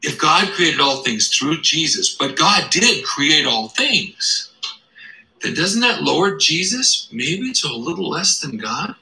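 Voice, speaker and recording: A man's voice: a little high, big pitch swings, slow pace, vocal fry, pushed and bright, echoey room, a little hiss or hum, low-quality recording. A man giving scripted video narration, explaining step by step with rhetorical questions.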